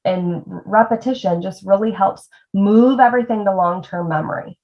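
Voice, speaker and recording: Woman tutor demonstrating reading games. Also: mid-range voice. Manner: demonstrating sounds slowly, addressing parents directly. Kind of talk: instructional video lesson. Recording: slightly dull lo-fi video audio.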